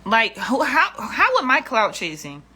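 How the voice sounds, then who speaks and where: Woman vlogger, bright forceful tone, blunt and profane. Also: a little high, huge pitch swings, measured pace, breathy edge. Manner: blunt and profane, exasperated, repeats herself. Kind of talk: casual livestream rant.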